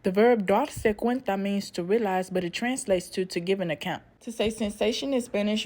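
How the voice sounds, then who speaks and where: Woman teaching spanish vocab, clear and step by step, medium voice. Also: mid-range voice, normal speed, few pauses, a little mellow. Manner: clear, methodical explaining. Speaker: language teacher. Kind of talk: explaining vocabulary for learners.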